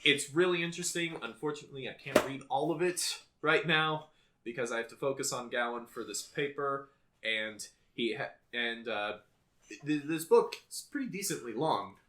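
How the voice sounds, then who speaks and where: A man's voice: medium pitch, normal speed, bright, forceful tone, slight background noise. A young man co-hosting a podcast in casual chat, bookish and rambling, often restarting his sentences. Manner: reads poetry aloud. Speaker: podcast co-host.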